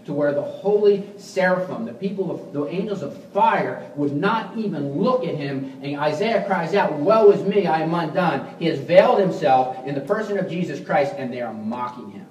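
A man preaching a sermon as pastor, swinging between quiet reflection and forceful emphasis, often restarting his words. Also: mid-range voice, echoey room, far from the mic, a little hiss or hum, rough recording. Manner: frequent restarts and repeated words.

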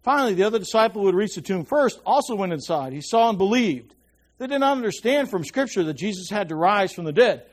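Expressive and quick, this high-voiced man teaches the Bible in a conversational way. He frequently checks that his audience is with him, lowering his voice to a whisper for emphasis.

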